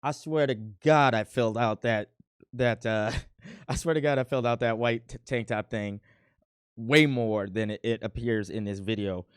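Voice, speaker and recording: A man's voice: mid-range voice, normal speed, clear, resonant tone, no room sound, clean studio sound. A man in his thirties from Milwaukee, casually reacting to his old video in a playful, boastful, rambling way. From Milwaukee, USA. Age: 30s.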